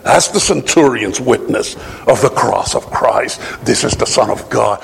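A man preaching a sermon, quoting scripture and driving points home with rhetorical asides, sometimes rising to a shout. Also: mid-range voice, animated, a little slow, vocal fry, hardly any pauses. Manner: emphatic, rises to shouts on key points. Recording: long hall reverb.

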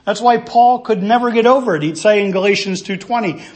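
A pastor preaching an expository sermon, earnestly teaching through a passage verse by verse and asking rhetorical questions. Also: male voice, sits high, a little fast.

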